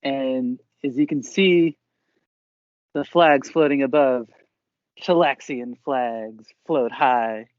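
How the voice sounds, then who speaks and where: A man's voice: medium pitch, slow, no echo. A man narrating and running a tabletop game in a loose, rambling way with frequent laughter. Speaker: game master. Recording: dry, dull lo-fi recording.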